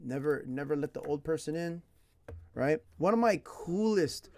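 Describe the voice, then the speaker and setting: A man from California, an English teacher, chats through his stories in a light, somewhat high voice. He talks in slang and laughs as he goes. The telling is loose and animated. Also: moderate pace. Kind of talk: casual storytelling.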